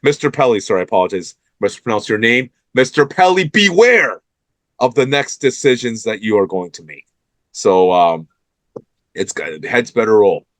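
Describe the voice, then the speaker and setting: A man's voice: on the low side, normal speed, no echo. A man hosting a sports talk show, fired up and emphatic as he calls out the team's owners.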